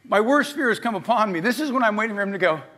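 A middle-aged male pastor preaching a sermon, telling a story with lively energy and acting out the voices of the people in it. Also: high voice, fast.

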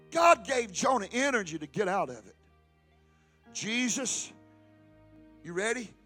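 High bright-voiced preaching man. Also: very animated, measured pace, long pauses, faint music behind. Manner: shouting, preaching with rising intensity and call-and-response. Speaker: pastor. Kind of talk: fiery Pentecostal sermon.

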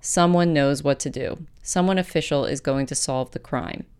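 Low-voiced woman reading an essay. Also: clean tone. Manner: measured, gentle reading; later chatty with many fillers. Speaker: podcast host. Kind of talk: reading an essay, then casual chat.

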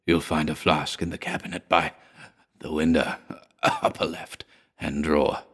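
Haunted, hysterical man: shrieks, then hoarse whispers, as a male narrator puts him on. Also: low voice, expressive, a little slow, a bit bright. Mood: weak, gasping. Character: terrified drug-haunted man, raving of hounds.

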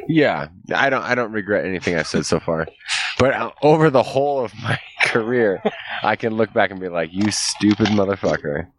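A young man co-hosts a podcast, talking casually and animatedly, swearing a lot and laughing often. His voice is lowish and brisk, with a little hiss or hum in the recording.

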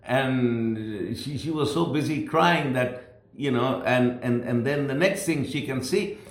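Male pastor, home sermon, gravelly, rambling story, roomy echo. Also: mid-range voice, slow pace. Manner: conversational, rambling with restarts and "you know". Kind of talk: sermon told as a personal story. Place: his home.

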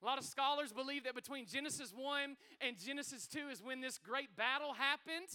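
A man preaching a sermon as pastor, energetic and folksy, calling out to the congregation in a church. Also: very high voice, fairly quick, clear, resonant tone. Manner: conversational, folksy asides.

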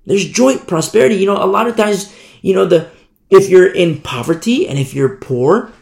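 A man's voice: high-pitched, lively intonation, normal speed, gravelly, a little mellow. A man preaching a Bible teaching in a conversational way, acting out little scenes as he goes. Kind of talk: sermon. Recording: echoey room.

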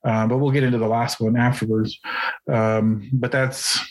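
A man with a husky voice tells a rambling, profane story as a podcast co-host. He talks casually at a middling pitch, with many restarts along the way. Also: flat delivery, moderate pace, poor audio.

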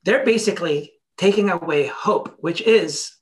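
A motivational speaker telling stories in a podcast conversation, blunt and animated, casually swearing and acting out both sides of conversations. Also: mid-range voice, a little slow.

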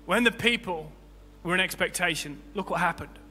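Faint music sits beneath a long hall reverb as a male pastor gives an impassioned sermon in a church hall. His voice is high and very bright, moving at a moderate pace, and it climbs to loud, soaring heights before sinking into quiet, low passages.

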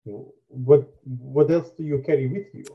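A man's voice: medium pitch, a little slow, creaky, dull audio. A man voicing a big, toothy male creature who talks in a stiff, formal, suspicious way. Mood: wary. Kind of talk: tabletop role-play.

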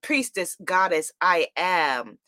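A woman's voice: fairly low pitch, sing-song, slow, sharp tone, no room sound. A woman hosting a spiritual livestream, exuberant and affirming, reading out viewer comments and repeating phrases. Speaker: livestream host.

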